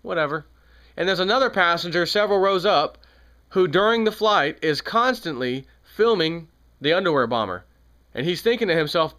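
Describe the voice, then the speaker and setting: A man's voice: fairly high pitch, expressive, moderate pace, fairly bright tone. A man giving an angry, sarcastic political commentary on his own channel, repeating points with rising heat. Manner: heated, sarcastic, repetitive. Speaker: video commentator.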